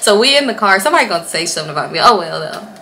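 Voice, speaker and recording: Young woman, bright voice, animated profane storyteller, vlog. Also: mid-range voice, racing, gravelly, a little hiss or hum. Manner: animated, profane, laughs often. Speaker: vlogger.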